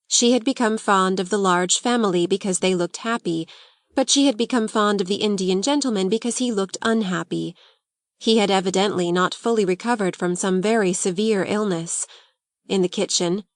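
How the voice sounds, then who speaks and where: A woman's voice: medium pitch, no room sound, studio quality. Woman narrating a classic novel. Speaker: audiobook narrator.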